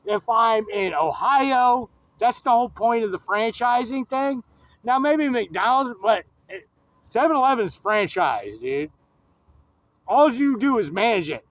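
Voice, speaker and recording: High-pitched male vlogger; rambling, swearing, heated storyteller. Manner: profane, rambling, gets worked up. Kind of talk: rambling story rant vlog.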